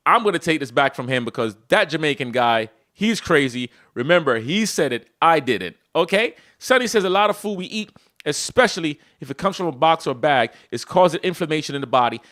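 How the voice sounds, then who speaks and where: A man's voice: a little high, animated, moderate pace, fairly bright tone. A man who is a fitness coach, talking casually on a livestream in a joking, rambling, slangy way.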